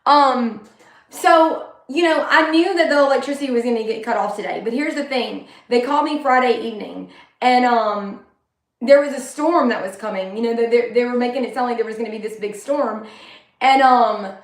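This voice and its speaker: High-voiced woman, candid and rambling. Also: normal speed. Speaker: vlogger. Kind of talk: personal monologue. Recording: echoey room.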